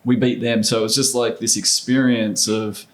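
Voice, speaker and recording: A middle-aged man, a former basketball player, telling stories as a podcast guest in an animated, casual way. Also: medium pitch, normal speed. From Australia. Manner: animated storyteller, acts out quoted voices. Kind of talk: casual storytelling interview.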